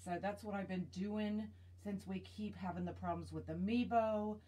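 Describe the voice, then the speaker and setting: A woman's voice: medium pitch, steady tone, normal speed, dark tone. A woman hosting a live wreath-making demonstration, chatting with viewers and thinking aloud with fillers, recorded on a tablet. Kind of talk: casual live craft demonstration. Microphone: tablet mic.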